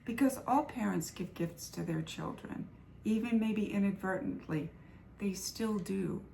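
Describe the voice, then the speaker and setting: An older woman telling a personal story in a vlog, earnest and animated, acting out the quoted lines. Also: medium pitch, a little slow, creaky, slight background noise. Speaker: vlogger sharing faith-based recovery stories.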